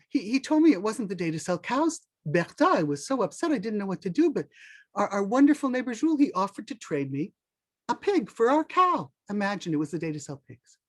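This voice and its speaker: Naive farmer , put on by a storyteller, stammering, lively pitch. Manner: stammering, mixes French into his talk. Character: cheerful, naive French-Canadian farmer.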